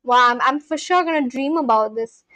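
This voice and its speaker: A woman's voice: high voice, normal speed, pushed and bright, dry recording, low-quality recording. A young woman chatting casually on a livestream, gushing and exclaiming often as she reacts to viewers.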